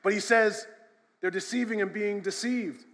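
A male pastor preaching a sermon, swinging from shouted emphasis to quiet storytelling. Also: high voice, steady tone, normal speed. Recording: long hall reverb.

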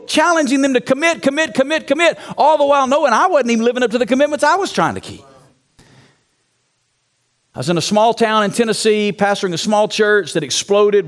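A man's voice: very high voice, a bit bright. A man, a pastor, preaching an emphatic sermon to a congregation in a church, prompting them to call out answers and telling his own story candidly.

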